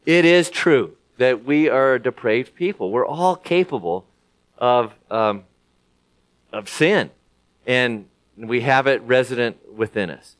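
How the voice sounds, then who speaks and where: A man preaching a sermon in a conversational way, often pausing with fillers and restarting his sentences. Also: mid-range voice. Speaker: pastor.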